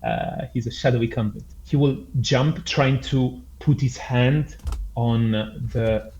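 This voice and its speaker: A man's voice: medium pitch, steady tone, slow, darkish tone. A male player chatting through a tabletop game in a playful tone. The sound is dull and lo-fi, with a faint hiss behind. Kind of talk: casual tabletop play.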